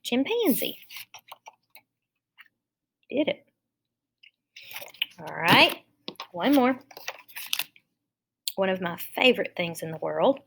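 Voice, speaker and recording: Slow, patient woman teaching phonics. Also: fairly low pitch, expressive, creaky, a bit bright. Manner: slow, patient, step-by-step explaining. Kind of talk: phonics lesson for young children.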